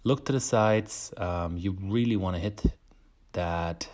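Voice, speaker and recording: A man's voice: low voice, slow pace, darkish tone. A man with a German accent, hosting a casual baking tutorial, chatty and self-deprecating, laughing often. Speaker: home baker, channel host.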